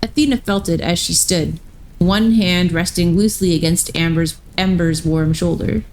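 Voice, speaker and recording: A woman streamer reading a story aloud live, slow and measured, with brief asides to her chat. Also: lowish voice, darkish tone, a little hiss or hum, rough recording.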